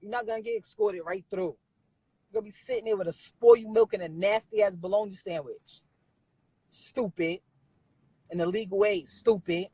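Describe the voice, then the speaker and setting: Husky-voiced woman ranting bluntly. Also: medium pitch, animated, normal speed, mellow, no echo, rough recording. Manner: blunt, profane, scolding; repeats phrases for emphasis. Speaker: livestreamer talking to viewers. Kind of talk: heated rant on a live stream.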